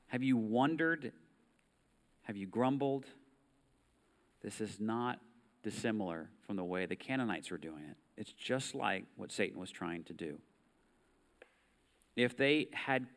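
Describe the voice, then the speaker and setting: A man's voice: lowish voice, a bit bright. A man with an American accent preaching a sermon in a conversational way, reading scripture aloud and asking the listeners rhetorical questions. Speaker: pastor.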